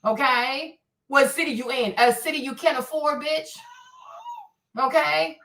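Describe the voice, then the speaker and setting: A high-pitched woman with a bright, sharp voice hosts a livestream and taunts the chat with profane, repetitive jabs. She sits some distance from the mic in an echoey room. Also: measured pace. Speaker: livestream host. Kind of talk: live-stream rant answering chat.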